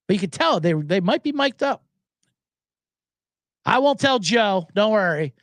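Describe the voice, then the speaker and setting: A man's voice: sits high, vocal fry, fairly bright tone, no room sound, studio quality. A man hosting a sports betting podcast, ranting in a casual monologue, swearing and acting out voices as he quotes people.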